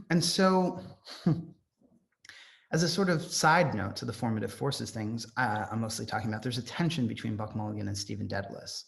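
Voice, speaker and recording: A man with a gravelly, mid-pitched voice gives an informal lecture on a novel. He talks off the cuff and chats along, dropping ums as he gathers his thoughts. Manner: conversational and off the cuff, with frequent ums. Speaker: literature lecturer.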